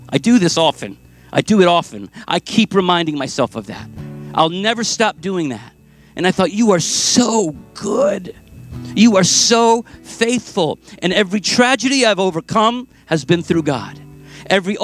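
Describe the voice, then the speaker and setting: A pastor preaching a sermon with passion, moving between loud, urgent lines and hushed ones. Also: male voice, sits high. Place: church sanctuary.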